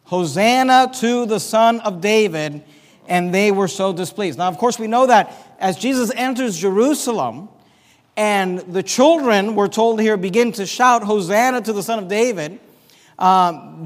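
A man with a notably high voice preaches from the pulpit, walking his listeners through scripture verse by verse. His words ring out with a long hall reverb in a church sanctuary. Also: normal speed. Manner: reads scripture aloud and explains it verse by verse. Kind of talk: expository Bible sermon.

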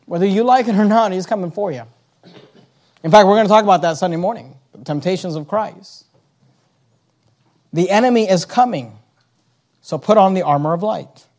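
A man's voice: high-pitched, moderate pace, long pauses, darkish tone. A man preaching a sermon, emphatic, asking rhetorical questions and reading scripture aloud in King James wording.

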